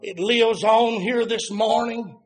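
A man preaching a sermon, rising to fervent shouts and then dropping to quiet, low passages. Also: steady tone, slow.

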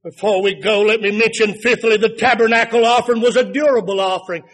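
A man preaching a sermon, rising to fervent shouts and then dropping to quiet, low passages. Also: fairly even intonation, quick pace.

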